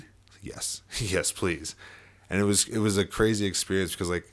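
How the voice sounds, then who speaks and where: A young man with a very low voice tells a long personal story in a relaxed podcast conversation. He leans on fillers, swears freely and laughs as he talks. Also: fast. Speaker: podcast guest. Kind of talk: casual storytelling chat.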